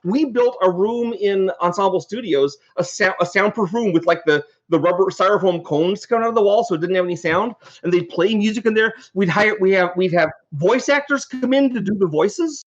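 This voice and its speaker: A man's voice: high-pitched, brisk, hardly any pauses, highs cut off. A man, a game designer appearing as a podcast guest, telling rambling anecdotes and restarting his sentences as he goes. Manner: animated, rambling storyteller who restarts sentences. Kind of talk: casual anecdotal storytelling.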